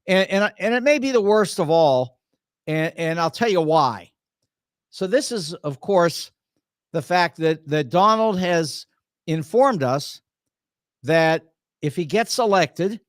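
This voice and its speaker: A man's voice: high-pitched, animated, a little slow, no echo, studio quality. Sarcastic, indignant older American man. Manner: sarcastic, indignant, with frequent restarts and repeated words. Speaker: host of a political talk show. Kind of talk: political commentary monologue.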